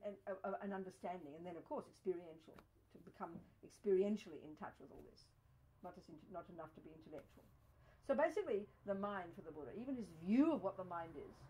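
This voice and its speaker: A woman's voice: lowish voice, slight background noise, rough recording. Emphatic woman teaching Buddhism. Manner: emphatic, lively, dotted with "you know". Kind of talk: dharma teaching talk. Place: study group hall.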